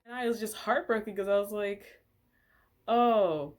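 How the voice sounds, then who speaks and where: A woman's voice: mid-range voice, fairly even intonation, quick pace. A young woman telling a casual storytime, chatty and exasperated, with plenty of filler words, swearing and laughs. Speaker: vlogger.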